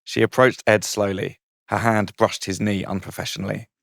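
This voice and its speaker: Low-voiced man reading a cheeky comic story. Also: little pitch movement, moderate pace, creaky, dry recording, studio quality. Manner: playful, laughs through his own jokes. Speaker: comedian guest reading his story.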